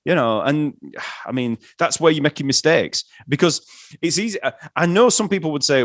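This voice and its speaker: A man's voice: fairly high pitch, expressive, normal speed, no echo, studio quality. A man hosting an interview, laid-back, reading tips from a list with many fillers. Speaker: interview host. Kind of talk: casual interview.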